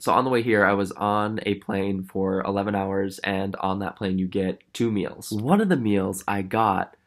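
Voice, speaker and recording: A man from Minnesota talks into a handheld camera in a very low, tired voice. He is jet-lagged and rambles, mocking himself with loose casual chatter. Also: normal speed. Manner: self-mocking, rambling, laughs between lines. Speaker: vlogger. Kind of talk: casual vlog chat to camera. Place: traveling, indoors and out.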